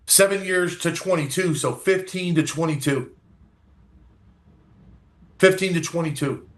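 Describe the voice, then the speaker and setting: A man's voice: on the high side, unhurried, pauses often. A man, a guest from a recovery organization, telling an earnest story in an interview, acting out dialogue and often restarting his sentences.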